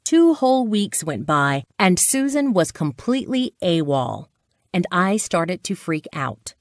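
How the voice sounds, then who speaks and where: A woman's voice: on the low side, very animated, measured pace, no echo, clean studio sound. Dramatic woman narrating a sales story.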